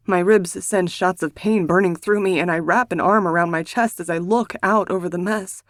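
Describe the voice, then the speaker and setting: A woman reading a first-person romance novel aloud in a hushed, emotional manner, as a scripted audiobook narration. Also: lowish voice, steady tone, moderate pace, no room sound, clean studio sound.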